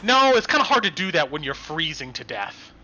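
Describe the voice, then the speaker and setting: A man's voice: a little high, sing-song, fairly quick, sharp tone, dull audio, full character voice. A man voicing the ghost of a woman who froze to death, now possessing a party member, weary and blunt.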